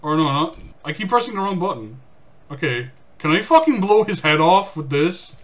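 A man streaming a horror game, cursing and yelling at the game in exasperation. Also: on the high side, sing-song, moderate pace, a little hiss or hum. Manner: swearing, exasperated outbursts at the game. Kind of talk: casual gameplay commentary.

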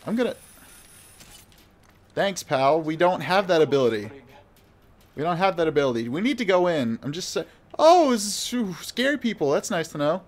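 A man's voice: fairly high pitch, sing-song, moderate pace, pauses often. A man giving live gameplay commentary in a rambling, flustered, self-mocking way. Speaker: gamer.

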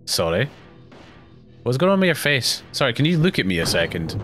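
A young man giving rambling, casual commentary while playing a video game, often jumpy and quick to laugh. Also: medium pitch, big pitch swings, music in the background. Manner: rambling, jumpy, breaks into panicked yelps and laughs. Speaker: let's play gamer.

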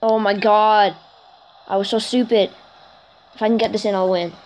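A woman giving chatty let's play commentary for her gaming channel, getting excited and keeping on apologizing for freaking out. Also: normal speed. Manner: excitable and chatty, jumps to high squeals over goals; self-conscious, keeps apologizing for freaking out.

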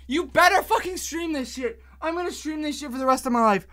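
Young-sounding woman vlogger, high voice, frantic and teary, swears freely. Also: brisk. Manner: excited, shouting, swearing a lot. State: overwhelmed, near tears. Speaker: reaction vlogger. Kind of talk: music reaction video.

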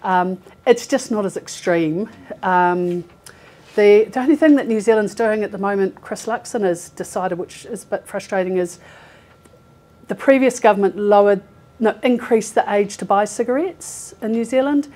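A woman's voice: medium pitch, moderate pace, a little mellow. A woman in her forties, a recruiter giving a chatty, informal talk to an audience, laughing often and using lots of fillers. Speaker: healthcare recruiter presenting. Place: meeting room with a live audience.

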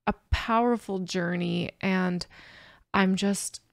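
A woman filming a music reaction, speaking straight to her viewers in a middle-pitched voice. She sounds overwhelmed and a little teary, stumbling over restarts and breaking into soft laughs. The sound is close and dry, with no room echo. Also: fairly even intonation, slow pace, gravelly. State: teary after crying. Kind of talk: casual reaction commentary to camera.

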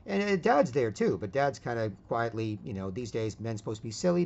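A man's voice: mid-range voice, expressive, brisk, a little mellow. A man hosting an online voice chat who rants loosely and keeps tagging his lines with "right?". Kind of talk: rambling casual rant. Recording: dull lo-fi audio.

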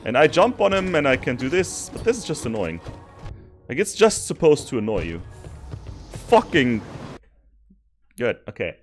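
A frustrated man playing a video game and commenting as he goes. His voice jumps around a lot, from loud swearing to quiet grumbling. Faint music plays underneath. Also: mid-range voice, sing-song, fairly quick. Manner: swearing, frustrated, swings between shouting and muttering. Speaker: gaming streamer. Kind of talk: let's play commentary.

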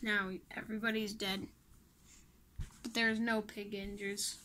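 A woman's voice: medium pitch, level tone, unhurried, sharp tone, slight background noise. A woman giving casual commentary while playing a mobile game, pleading with it and mocking herself in muttered asides.

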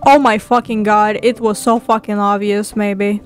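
A woman's voice: medium pitch, moderate pace, soft background music. A woman playing a game and commenting casually, swearing and talking to herself. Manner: profane, excitable, talks to herself. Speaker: gamer.

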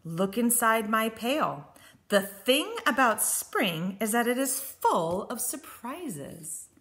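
A woman's voice: a little high, sing-song, slow, fairly bright tone, full character voice. A woman voicing a grumpy, sleepy rabbit who complains in a storybook read-aloud. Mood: grumbling. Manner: cranky, complaining.

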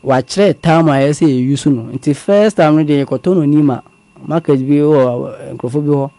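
Man telling his story slowly. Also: a little high, warm tone, no room sound. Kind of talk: conversational testimony.

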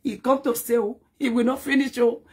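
A woman's voice: fairly high pitch, fairly even intonation, brisk, husky. A woman ranting in a dramatic, scolding social media commentary, taunting and repeating herself.

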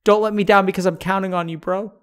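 A man's voice: high voice, steady tone, quick pace, clean tone. A man streamer giving an earnest, pleading motivational speech with casual swearing. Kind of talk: motivational pep talk on stream.

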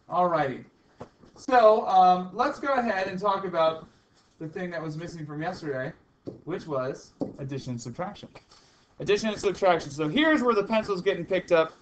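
A man's voice: a little high, a little hiss or hum, rough recording. A male chemistry teacher lecturing a class, chatty and teasing, repeating the key points. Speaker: high school chemistry teacher.

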